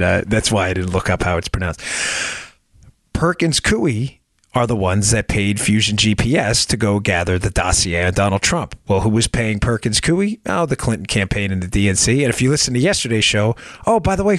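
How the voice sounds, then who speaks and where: A man's voice: on the low side, fairly bright tone, dry recording, studio quality. Emphatic, sarcastic male podcast host. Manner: emphatic, sarcastic, rhetorical questions to listeners. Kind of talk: political commentary monologue.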